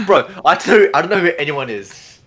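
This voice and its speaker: Dry-humored young man from Australia, lively pitch. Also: measured pace, slight background noise. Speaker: podcast guest. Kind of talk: casual chat among friends.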